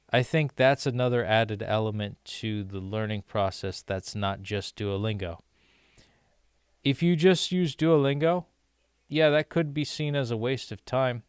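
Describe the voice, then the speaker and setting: A man's voice: medium pitch, clear, resonant tone, no echo, studio quality. A man hosting a casual vlog, thinking aloud as he answers a viewer's comment and explains his approach, with frequent hesitations. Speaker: channel host learning Portuguese.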